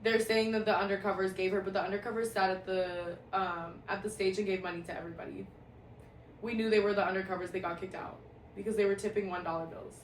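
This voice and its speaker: A woman's voice: medium pitch, fast talker. Brief: young woman, storytime vlogger, swears freely and laughs a lot, roomy echo, mic a few feet off, faint hiss. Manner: profane, animated, laughing often. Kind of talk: casual storytime monologue. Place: at home, indoor room. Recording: echoey room, distant mic, faint hiss.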